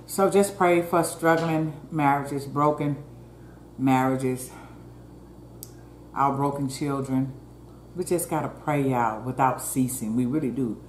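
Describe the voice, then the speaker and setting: Slow and full of long pauses, this woman's bass voice carries a casual mukbang chat with her viewers, folksy and relaxed. She murmurs "mm" while chewing. The recording has roomy echo, faint ambience, and a slight hiss or hum.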